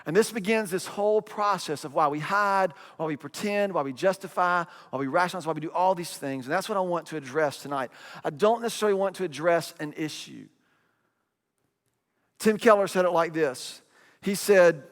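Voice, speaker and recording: A man's voice: sits high, brisk, big-room sound. A middle-aged man preaching a sermon in a conversational way, repeating phrases and acting out quotes. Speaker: pastor.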